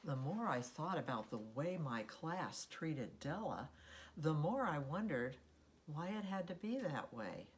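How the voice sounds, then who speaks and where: A woman reading a children's story aloud in an expressive, unhurried storytelling manner. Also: low voice, a little hiss or hum. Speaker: storybook reader.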